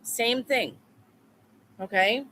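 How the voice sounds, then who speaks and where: A woman's voice: on the high side, very slow, pushed and bright, a little hiss or hum. A woman tarot reader talking live to her viewers in a blunt, repetitive, profane way. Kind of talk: live-stream chat with viewers.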